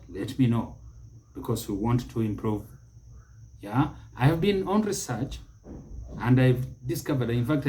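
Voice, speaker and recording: A middle-aged man hosting a spoken lesson, repeating each word slowly and deliberately for emphasis. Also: mid-range voice, dark tone. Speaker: pronunciation teacher and show host. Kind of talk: spoken English lesson to camera.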